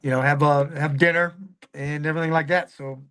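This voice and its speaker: A veteran man from California recalls things slowly, his talk full of pauses and fillers. His voice sits a little high for a man. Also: fairly even intonation, a bit bright, smooth. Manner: hesitant, many fillers. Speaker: guest, Marine veteran. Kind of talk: casual chat.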